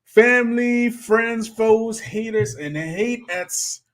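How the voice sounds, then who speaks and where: A man opening his channel with a religious greeting and a formal, drawn-out welcome. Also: high-pitched, fairly bright tone. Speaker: channel host.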